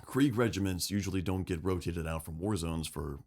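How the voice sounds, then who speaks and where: Deep-voiced man in casual lore chat. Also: brisk. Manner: animated, swearing, acts out quotes. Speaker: podcast co-host.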